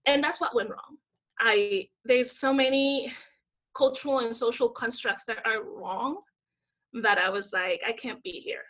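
Woman, high bright voice, hyper and animated, casual interview storytelling. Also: a little slow. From Dominican Republic. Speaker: guest.

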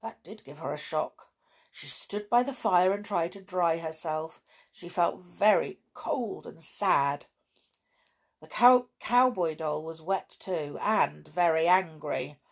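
A middle-aged woman reading a children's story aloud and chatting cosily with young listeners in a lively, friendly way. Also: on the low side, takes it slowly.

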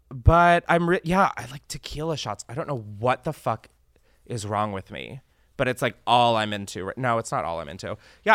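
Man, young podcast host, campy and profane, animated delivery, smooth clear voice, dry close sound. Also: mid-range voice, no room sound. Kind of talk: casual podcast chat.

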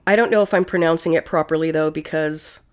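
A woman co-hosting a podcast, chatting casually and cursing freely. Her voice sits a little low for a woman. She talks loosely and breaks into animated outbursts. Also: quick pace. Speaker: podcast co-host. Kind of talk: casual chat.

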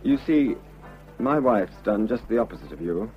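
Radio drama lead: a sincere, stammering married man, low voice, lo-fi old broadcast sound. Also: big pitch swings, soft background music. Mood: earnest pleading. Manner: earnest, halting, pleading. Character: Arthur, unhappily married man confessing love. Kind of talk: vintage radio drama acting. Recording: dull lo-fi old radio recording.

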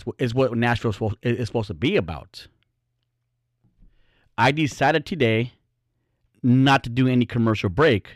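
A man's voice: medium pitch, no room sound, studio quality. Blunt, profane man ranting on his podcast. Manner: blunt and profane, rambling with restarts. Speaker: podcast host. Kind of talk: casual solo podcast rant.

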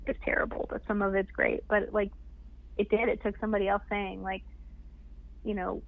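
A woman's voice: mid-range voice, flat delivery, moderate pace, creaky, long pauses. Chatty woman on a tinny phone line. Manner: chatty, laughs often, many fillers. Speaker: podcast guest. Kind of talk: casual interview chat.

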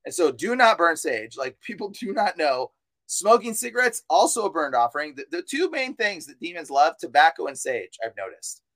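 A man's voice: on the high side, big pitch swings, normal speed, a bit bright, no room sound. A man talking as an exorcist guest on a podcast, fervent and insistent, repeating himself and mixing in casual slang. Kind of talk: preachy podcast talk.

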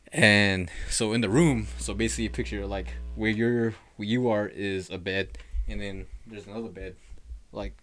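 A man's voice: on the low side, fairly bright tone, dry recording. A young man telling a spooky story in casual podcast chat, rambling and swearing, full of fillers. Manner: rambling, profane, lots of "like".

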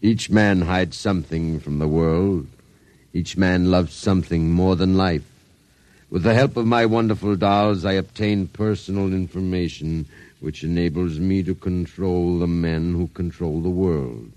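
A man's voice: low-pitched, a little slow, darkish tone, no room sound. An actor playing a sinister, scheming male doll maker who blackmails people, in an old-time radio drama with a silky, menacing manner. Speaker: villain. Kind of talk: vintage radio drama acting.

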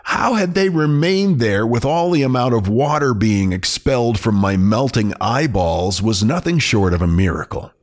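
A man's voice: medium pitch, lively intonation, moderate pace, few pauses. A man hosting a podcast, reading a listener's funny email aloud with amusement and often breaking into laughter. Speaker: podcast host.

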